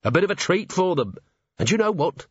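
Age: adult. Figure: grim male watch commander, voiced by a man. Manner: clipped, growling, barely held fury. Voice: slightly raised, husky. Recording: dry, a little dull. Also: sits high, sing-song, brisk, no echo, voice pushed up, exaggerated voice. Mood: furious.

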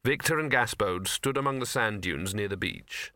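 A man reading a comic novel aloud as narrator, with wry, lively storytelling. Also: fairly low pitch, normal speed, few pauses, dry recording, clean studio sound. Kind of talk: scripted audiobook narration.

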